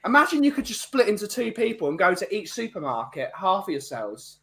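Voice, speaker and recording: A man's voice: high-pitched, lively intonation, brisk, a bit bright. A man hosting a casual podcast, teasing his co-hosts with jokes. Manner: jokey, teasing. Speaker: podcast host. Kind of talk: casual banter.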